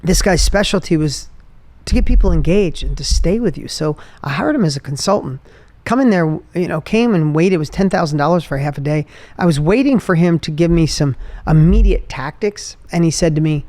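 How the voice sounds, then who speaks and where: A man hosting a podcast, telling a personal motivational story with energy, his voice dropping low and soft when he turns emotional. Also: animated, brisk, no room sound. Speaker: podcast host.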